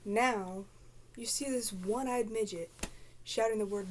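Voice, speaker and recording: A woman's voice: medium pitch, fairly even intonation, normal speed, slight background noise. Woman giving a theatrical spoken-word recitation. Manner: theatrical, drops into whispers. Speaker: performer.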